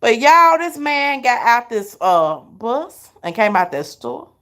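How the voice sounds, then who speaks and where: Middle-aged woman, live-stream host, chatty and animated, fairly high voice. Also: slow pace. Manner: animated, chatty, laughs often. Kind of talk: casual storytelling to viewers.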